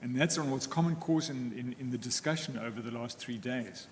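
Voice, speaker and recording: A man, arguing as counsel in court in a formal, deliberate way with frequent pauses. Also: mid-range voice. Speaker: counsel for the applicants. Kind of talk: formal legal argument in court. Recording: echoey courtroom with faint ambient noise.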